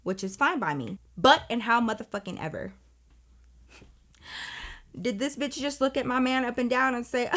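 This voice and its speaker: A woman vlogger telling a dramatic personal story in casual, profane, animated speech. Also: fairly high pitch, normal speed, pauses often. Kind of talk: storytime vlog, casual chat.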